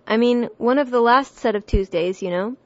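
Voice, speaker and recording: A woman's voice: on the high side, moderate pace, no echo, muffled recording, natural voice. A woman reading as the White Queen, muddled and fretful.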